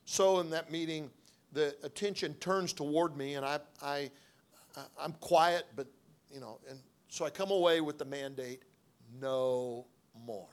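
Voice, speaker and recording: A man's voice: fairly high pitch, moderate pace. A middle-aged man preaching through a personal story, in a conversational way, acting out the dialogue with frequent restarts. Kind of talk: sermon storytelling.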